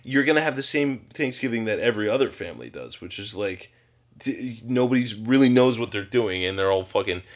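Low-voiced joking man podcasting. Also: animated, fairly quick. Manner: joking, rambling with many fillers. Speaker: podcast co-host. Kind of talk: casual chat.

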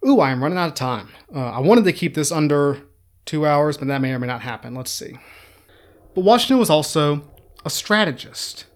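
A man's voice: a little high, animated, brisk. A man giving an informal history lecture in a chatty, sarcastic way, laughing at his own jokes.

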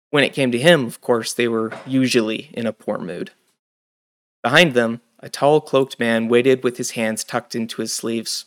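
A man reading a fantasy audiobook in steady scripted narration. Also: mid-range voice. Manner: steady storytelling.

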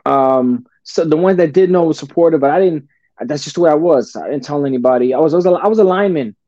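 Man, podcast guest, casual profane storytelling, says brother a lot, mellow tone, dry dull lo-fi sound. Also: fairly high pitch, fast talker, no echo. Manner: profane, calls listener "brother", restarts often.

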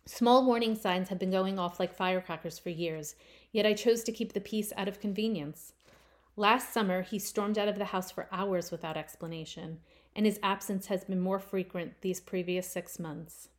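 A woman reading her own first-person short story aloud, with expressive swells on key phrases. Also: mid-range voice, normal speed.

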